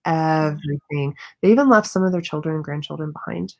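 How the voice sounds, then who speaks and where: Low-voiced earnest woman guest. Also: lively intonation, rapid-fire, gravelly, darkish tone. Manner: earnest, thoughtful, with many fillers. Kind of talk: casual live chat.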